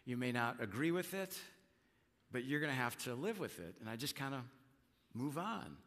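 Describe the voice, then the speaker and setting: Bright-voiced man preaching in a big hall. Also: medium pitch, very animated, moderate pace. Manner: conversational preaching, acts out quotes with voices. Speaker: pastor. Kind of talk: sermon.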